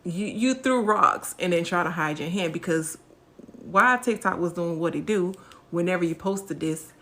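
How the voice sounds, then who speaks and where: A woman's voice: fairly low pitch, moderate pace, fairly bright tone, slight background noise. A woman talking in a chatty reaction vlog, speaking to her viewers as friends. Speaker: vlogger.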